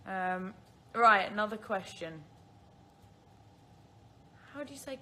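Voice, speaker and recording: Speaking slowly with long pauses, this woman uses a medium pitch, lively intonation, and a bright, forceful tone, with slight background noise. She's in her twenties, British-accented, and from the Isle of Man, answering viewer questions on a casual phone livestream and laughing at herself often.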